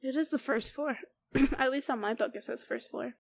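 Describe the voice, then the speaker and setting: A woman reading a book chapter aloud on a podcast, pausing to comment and laugh. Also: sits high, creaky, husky. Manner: reads steadily, stops to comment and laugh. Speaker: podcast co-host.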